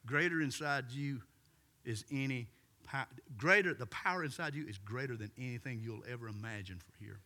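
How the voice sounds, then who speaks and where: A man's voice: mid-range voice, moderate pace, pushed and bright. A middle-aged male pastor, telling a story animatedly and acting out the voices. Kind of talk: storytelling sermon.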